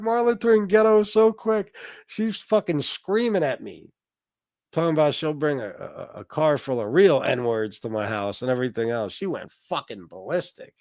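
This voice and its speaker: A man's voice: fairly high pitch, normal speed, a little mellow. A man hosts a loose, casual livestream and tells a story about a past clash. He talks crudely, laughs often, and mocks the other person with relish. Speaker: livestream host.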